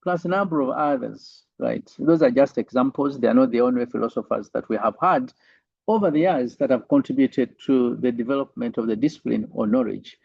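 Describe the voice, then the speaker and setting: A man's voice: mid-range voice, fairly quick, gravelly, a little mellow, breathy edge, no room sound, dull audio. A male university lecturer giving an online lecture, tagging sentences with "right?" and many fillers.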